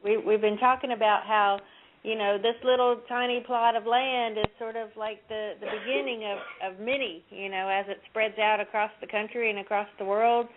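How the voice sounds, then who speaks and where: A woman's voice: medium pitch, steady tone, normal speed, slight background noise. A woman calling in to a radio show, talking earnestly and rambling with many fillers. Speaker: caller. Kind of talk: phone-in chat. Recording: tinny phone line.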